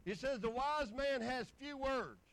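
A man's voice: very high voice, measured pace, fairly bright tone, poor audio. A middle-aged man, preaching a folksy, rambling testimony full of scripture. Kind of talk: sermon.

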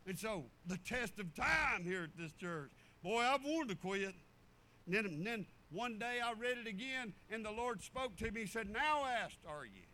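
Animated, high-pitched preacher man. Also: moderate pace. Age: 50s. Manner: folksy, animated preaching with storytelling asides. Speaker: pastor. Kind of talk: sermon.

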